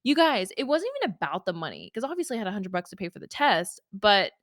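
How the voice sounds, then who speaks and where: A woman hosts a podcast, chatting casually and emotionally about her own life in a monologue packed with "like" and "y'all." Her mid-range voice is very animated and fairly bright, and she talks fast. The studio sound is clean with no room sound.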